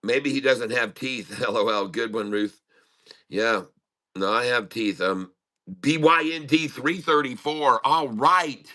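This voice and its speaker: Speaking slowly in a mid-range voice that sounds pushed and bright, a middle-aged man hosts a casual day-trading livestream from home. He has a slight lisp and mutters to himself while fixing his audio.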